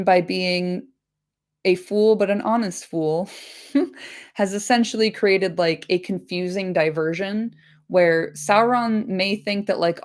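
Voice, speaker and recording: A woman hosting a casual book-chat podcast, rambling along with lots of fillers and cheerful swearing. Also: lowish voice. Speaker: podcast host.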